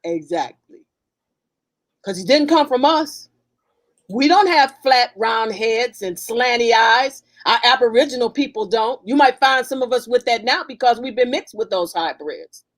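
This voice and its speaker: A woman's voice: on the high side, expressive, unhurried. A woman guest in an impassioned conversation, talking fervently and emphatically with frequent restarts.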